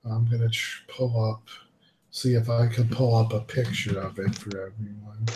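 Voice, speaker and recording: A man hosting a casual collectors' panel talk, relaxed and laughing easily as he gives shout-outs. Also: fairly low pitch, moderate pace, background noise. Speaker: podcast host. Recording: roomy echo.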